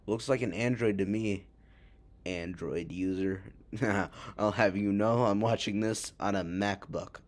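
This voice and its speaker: A man's voice: on the low side, fairly even intonation, a little slow. A young man reacting to a story video in casual chat, rambling and joking, often calling people bro. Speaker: reaction streamer.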